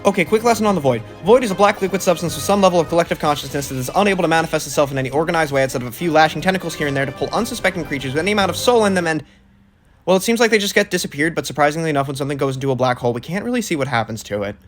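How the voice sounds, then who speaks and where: A man tears through a comedic game recap at a breakneck clip, his voice sitting a little high. He is sarcastic and profane, flipping from deadpan asides into loud excited outbursts. Faint music plays quietly behind the voice-over. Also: very fast. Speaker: gaming video commentator.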